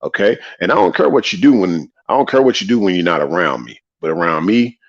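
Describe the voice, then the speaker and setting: A man's voice: low-pitched, sing-song, quick pace, gravelly. A man hosting a casual livestream monologue, preachy and repetitive, greeting viewers in the chat between points. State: tired after a long day. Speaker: livestream host. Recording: slightly dull lo-fi audio.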